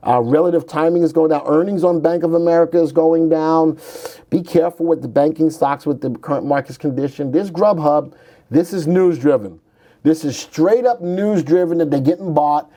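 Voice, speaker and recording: Casual market commentary comes from a livestream host whose mellow voice sits on the high side. He thinks out loud about stocks, cracking jokes while bringing up charts.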